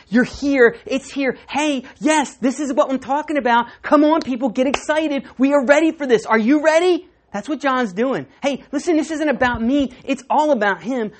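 Lively older woman preaching. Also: fairly low pitch. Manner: lively and conversational, acting out quotes and laughing. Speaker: pastor. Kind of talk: sermon.

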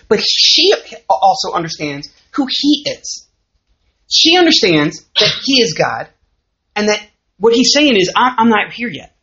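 A woman with a Southern US accent giving a conversational sermon, often asking her listeners questions. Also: mid-range voice. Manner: lively, conversational, asks the audience questions. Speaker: teacher of a church class. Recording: muffled lo-fi recording.

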